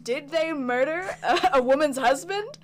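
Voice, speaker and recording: A young woman hosting a casual podcast chat, bubbly and quick to laugh. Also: high voice, animated. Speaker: podcast host.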